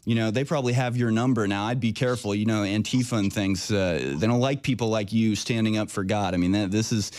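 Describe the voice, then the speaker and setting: A man's voice: brisk, few pauses, dry recording, studio quality. A man hosting an interview show, talking casually and acting out other people's voices as he goes. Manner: animated, mimics people in high voices. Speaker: show host.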